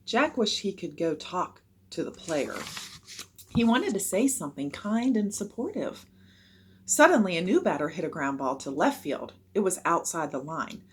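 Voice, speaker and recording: Expressive husky woman reading aloud. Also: lowish voice, normal speed. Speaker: storyteller reading a children's book. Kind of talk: read-aloud narration.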